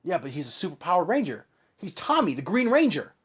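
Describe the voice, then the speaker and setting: Male podcast co-host, higher voice, very lively pitch, animated and playful. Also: quick pace, husky. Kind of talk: casual chat.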